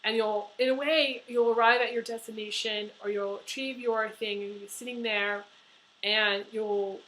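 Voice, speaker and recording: A woman's voice: on the high side, pushed and bright, slight background noise, rough recording. A woman giving a tarot horoscope reading, talking earnestly and emotionally with many fillers and restarts. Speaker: tarot reader.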